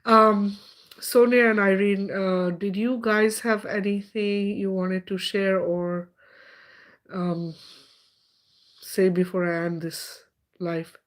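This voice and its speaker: A middle-aged woman with a medium-pitched voice hosts a live stream, chatting freely with viewers. She laughs easily and fills pauses with ums and uhs as she talks. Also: flat delivery. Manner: chatty, laughs often, many fillers. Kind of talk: casual live stream chat.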